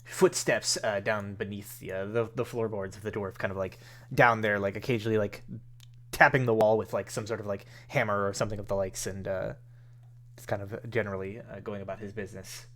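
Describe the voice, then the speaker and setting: A man's voice: lowish voice, steady tone, a little fast, fairly bright tone. A man narrating as game master of a tabletop game, hesitant and full of fillers.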